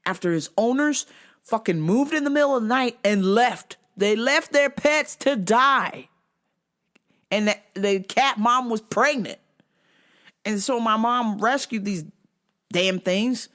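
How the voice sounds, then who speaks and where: A woman with a slightly high voice hosts a vlog, speaking slowly. She rants casually and comedically, telling stories in an animated way and swearing often.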